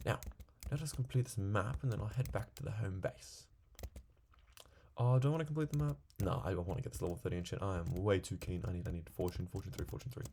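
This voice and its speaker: Low, gravelly and warm, this young gaming creator's voice holds a steady tone as he talks fairly quickly. He rambles casually to himself while playing a video game, drifting between subjects over slight background noise.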